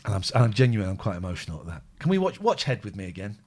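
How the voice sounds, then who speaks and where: Excitable, rambling man hosting. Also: on the low side, rapid-fire, slightly rough. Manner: excitable, rambling, jumps between loud outbursts and quiet musing. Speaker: phone-in show host. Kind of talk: casual chat.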